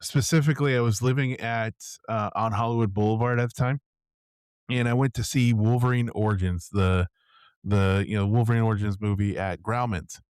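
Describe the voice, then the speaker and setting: A man's voice: on the low side, fairly even intonation, brisk, a little mellow, clear, resonant tone, no room sound, clean studio sound. A man co-hosting a podcast, telling a story in casual chat with lots of fillers. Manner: rambling storyteller with many fillers. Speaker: podcast co-host.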